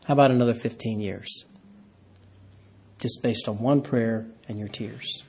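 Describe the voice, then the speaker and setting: A man preaching a sermon, reading scripture aloud and swinging between hushed, slow phrases and raised, emphatic ones. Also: medium pitch, steady tone, husky. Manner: preaching with dramatic swings from hushed to loud, stretching key phrases.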